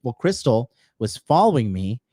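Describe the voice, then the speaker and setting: A man's voice: mid-range voice, very animated, moderate pace, dark tone, no echo. A man telling brash, profane, boastful stories in a casual podcast conversation. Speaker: podcast guest.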